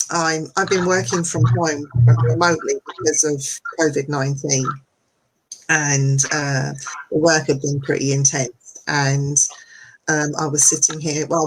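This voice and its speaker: A woman guest talking from home on a video call, chatty and animated, often laughing as she tells her stories. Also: sits low, a little hiss or hum, rough recording. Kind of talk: casual conversation.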